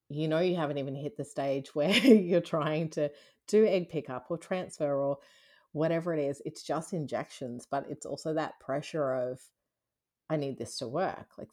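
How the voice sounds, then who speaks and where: Candid woman guest with a low voice. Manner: candid, laughs often, lively when retelling. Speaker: interview guest. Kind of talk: personal storytelling in a casual interview.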